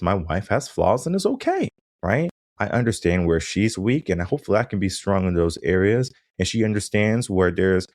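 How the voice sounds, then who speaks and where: A man with a very low voice lectures firmly, hammering each point and checking in with the listener as he goes. The recording is dry, close and free of room sound. He sounds middle-aged and is clearly the show's regular host. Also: a little mellow, no echo. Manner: emphatic, punctuates with "right?", mimics objections. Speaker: podcast host, mindset coach. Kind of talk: monologue coaching talk.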